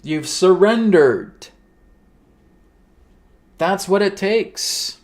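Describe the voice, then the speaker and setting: A man voicing a calm, commanding male spirit guide in a slow, emphatic, preaching cadence. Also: high-pitched, pitched above the performer's own voice, exaggerated voice. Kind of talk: channeled spiritual teaching.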